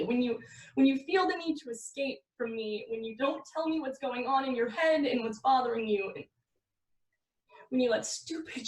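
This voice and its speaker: A woman's voice: on the high side, natural voice. A woman reading the part of a tired, frustrated girlfriend driving at night, firm and scolding, in a table read of a film script. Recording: echoey room, far from the mic.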